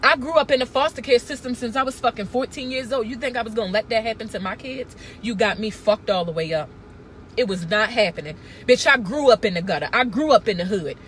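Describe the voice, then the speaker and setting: A woman's voice: a little high, fast talker, fairly bright tone, a little hiss or hum. A woman, talking to camera in a blunt, profane, emphatic casual rant. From Baltimore. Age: 30s. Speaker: vlogger.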